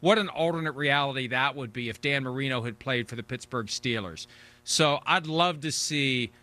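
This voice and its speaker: A man's voice: mid-range voice, normal speed, bright, forceful tone. A man in his sixties hosting a sports talk show, chatting casually and rambling with frequent restarts. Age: 60s. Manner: rambling, repeats words when restarting.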